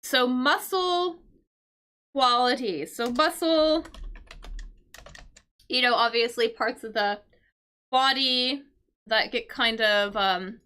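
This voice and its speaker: A woman's voice: a little high, takes it slowly, long pauses, bright, forceful tone, smooth. A woman teaching English vocabulary through a crossword, explaining patiently with fillers and check-in questions. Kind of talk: casual livestream lesson solving a crossword.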